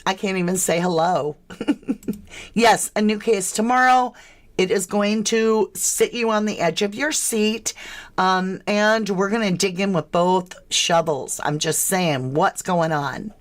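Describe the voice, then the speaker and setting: Speaking slowly in a mid-range voice, this woman from the southern United States welcomes viewers to her casual true crime livestream. She's talkative and full of questions.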